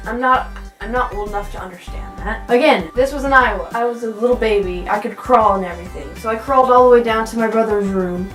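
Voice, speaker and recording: A young woman tells childhood stories in a lively, slightly high voice, popping into squeaky quoted voices now and then. The room is echoey, and faint music plays underneath. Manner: animated, acts out quoted voices in a high pitch. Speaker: vlogger. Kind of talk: casual storytelling to camera.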